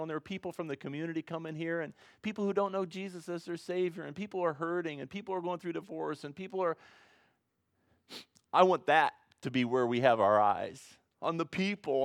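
A man preaching an informal, conversational sermon as pastor, rambling at times and rising to excited emphasis. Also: a little high, dry recording, clean studio sound.

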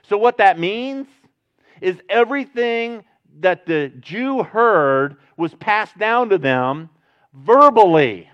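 A man preaching a sermon in a conversational style, breaking into loud emphatic bursts and chatty asides. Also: high voice, lively intonation, slow pace, smooth, muffled recording. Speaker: pastor.

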